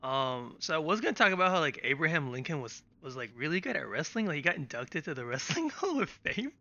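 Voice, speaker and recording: A man's voice: fairly high pitch, big pitch swings, quick pace, pushed and bright. A man co-hosting a podcast, chatting casually with an offhand, jokey manner. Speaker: podcast co-host. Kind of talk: casual chat. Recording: dull lo-fi sound.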